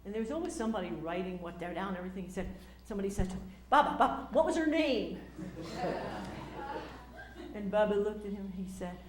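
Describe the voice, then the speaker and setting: An older woman telling stories in a casual, animated way, acting out quotes with lots of fillers and restarts. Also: mid-range voice, fast, pauses often, reverberant, a crowd in the background. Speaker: speaker recounting memories. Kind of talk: casual storytelling talk.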